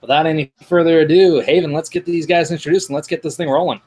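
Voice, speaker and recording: A man co-hosts a trivia match in a relaxed, joking way and interviews each player in turn. His voice sits a touch high. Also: fast talker, low-quality recording. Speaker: co-host and interviewer. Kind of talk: casual interview banter.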